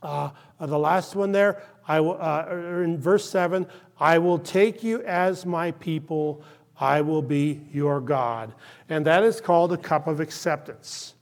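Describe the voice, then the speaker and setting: Man preaching in church, high voice, impassioned, hushed moments, "okay?" check-ins. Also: unhurried. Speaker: pastor. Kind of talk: sermon.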